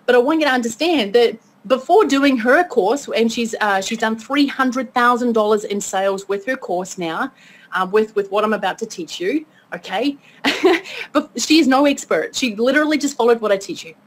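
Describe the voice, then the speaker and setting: In an upbeat, chatty motivational webinar, a woman with a high-ish voice teaches an online course at a moderate pace. She frequently checks in with listeners, asking "okay?" There's a little hiss or hum on the recording.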